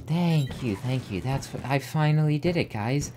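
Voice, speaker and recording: A young man giving frustrated, self-mocking let's play commentary as a gamer, with excitable outbursts. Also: medium pitch, normal speed, few pauses. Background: faint game music.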